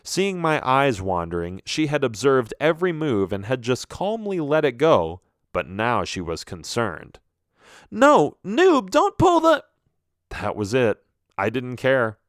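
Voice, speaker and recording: A man narrating a children's storybook in the first person, with an animated, expressive reading. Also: medium pitch, unhurried, clear, resonant tone, no room sound, studio quality. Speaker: audiobook narrator.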